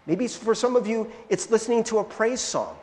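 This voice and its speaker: A man preaching a sermon as pastor, conversational and animated, with frequent "right?" asides and restarts, in a church sanctuary. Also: sits high, normal speed. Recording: long hall reverb from a church sanctuary.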